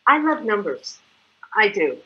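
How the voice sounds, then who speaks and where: A woman's voice: medium pitch, unhurried, muffled recording. A woman giving an enthusiastic, chatty sales presentation and acting out examples as she goes. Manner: animated, chatty, acts out examples. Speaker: product distributor presenter. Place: living in Mexico.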